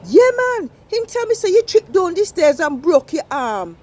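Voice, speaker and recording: A woman's voice: very high voice, very animated, moderate pace, a little mellow, voice pushed up. A woman voicing a chatty older Jamaican woman on the phone, with a patois accent and a sing-song delivery. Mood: lively gossip.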